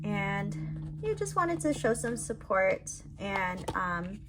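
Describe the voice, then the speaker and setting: A woman's voice: medium pitch, big pitch swings, slow, loud music behind the voice. A young woman talking casually in her own vlog, chatty and upbeat, with lots of fillers. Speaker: vlogger and crochet seller.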